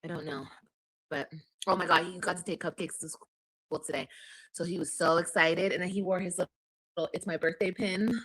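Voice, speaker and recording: A woman's voice: fairly low pitch, fairly even intonation, moderate pace, long pauses, fairly bright tone, slightly rough, poor audio. A woman vlogging casually from home, chatting to viewers and answering comments. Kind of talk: casual chat.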